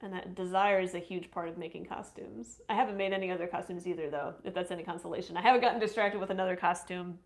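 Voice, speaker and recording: A woman's voice: fairly low pitch, steady tone, fast talker, few pauses. Chatty woman reading her live chat. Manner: chatty, reads comments aloud, thankful. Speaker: streamer answering chat. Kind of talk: casual live stream chat.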